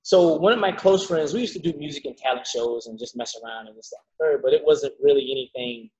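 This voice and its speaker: A man guest in a casual interview, chatty and expressive as he tells his story. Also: a little high, fast, highs cut off. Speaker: guest, hip hop artist and martial arts teacher.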